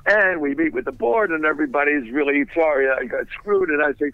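Man, higher voice, quick wisecracking storyteller, dry muffled lo-fi recording. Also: no echo. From United States. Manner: fast, wisecracking, laughs at own stories. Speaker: businessman telling a story. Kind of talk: animated anecdotal storytelling.

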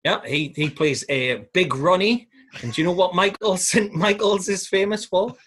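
Man, podcast co-host, husky, slightly high, chatty and laughing. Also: moderate pace, fairly bright tone. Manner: laughs often, jokey storytelling. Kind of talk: casual chat.

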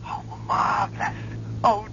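An actress playing a sly, affectionate woman, breathy and coaxing, in a 1970s radio drama. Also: takes it slowly, fairly bright tone, a little hiss or hum. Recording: dull lo-fi radio recording.

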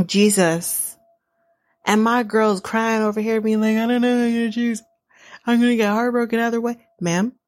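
A woman's voice: mid-range voice, dry recording. A woman hosting a podcast, recapping a show in casual chat, blunt and sarcastic, swearing freely and laughing at her own asides. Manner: lively, laughing asides, addresses listeners.

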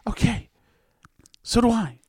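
A man's voice: very high voice, lively intonation, takes it slowly, husky, no room sound, clean studio sound. A male podcast host talking in casual, sarcastic, teasing banter.

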